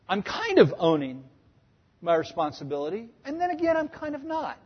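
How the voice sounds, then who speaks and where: A man's voice: high-pitched, moderate pace, husky. A man in his thirties preaching a sermon, telling stories and acting out voices with humor. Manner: animated storytelling, acting out quoted voices with humor. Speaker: pastor. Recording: dull, echoey hall sound.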